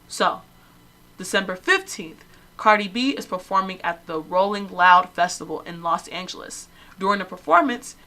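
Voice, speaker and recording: A woman's voice: mid-range voice, bright, forceful tone. A young woman hosting a comedy podcast, giving sassy, opinionated commentary in a casual storytelling way. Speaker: podcast host.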